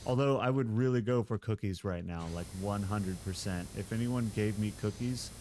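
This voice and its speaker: A man's voice: lowish voice, moderate pace, dark tone, a little hiss or hum. A man live streaming, chatting casually with his viewers in a playful, giggly way and laughing often.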